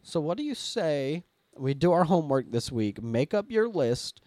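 A young man hosting a podcast, his voice on the high side, speaks at a moderate pace in dry, studio-quality audio. He chats casually, telling animated stories and swearing now and then.

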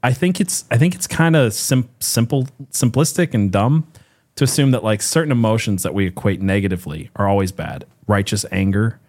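A man's voice: fairly low pitch, a little fast, a little mellow. A man co-hosting a live show, chatting in an opinionated, talkative way with frequent restarts. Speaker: co-host. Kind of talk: casual chat.

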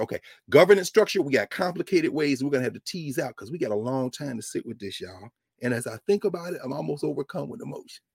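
A man giving an impassioned lecture with a preacher-like cadence, repeating phrases for emphasis and swinging from low murmurs to loud, emphatic peaks. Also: slightly rough, dry recording, studio quality. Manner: informal, with y'all and ain't. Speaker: lecturer speaking to a group.

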